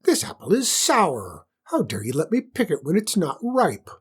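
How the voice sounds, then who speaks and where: A man voicing a shrill spoiled queen. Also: wildly swooping pitch, moderate pace, creaky, slightly rough, exaggerated voice. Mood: imperious. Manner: shrill, haughty. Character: spoiled bad-tempered imperious queen.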